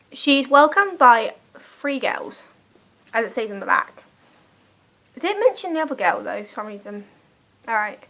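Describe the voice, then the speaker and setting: In a low-quality phone camera recording, a young woman from Britain talks casually through a book review, rambling and breaking off mid-thought in her British accent. Her voice sits high and sounds a bit bright.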